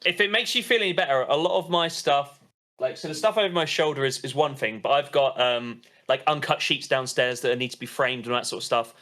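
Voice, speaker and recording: Male host, eager rambler, bright and forceful tone, mid pitch, video-call sound. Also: a little fast. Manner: enthusiastic, rambling, talks over others. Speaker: podcast host. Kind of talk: casual video-call podcast chat.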